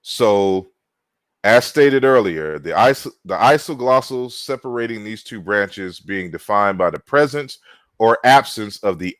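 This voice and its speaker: A man giving an online linguistics lecture, deliberate, spelling out words with frequent fillers and restarts. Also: fairly low pitch, dry recording.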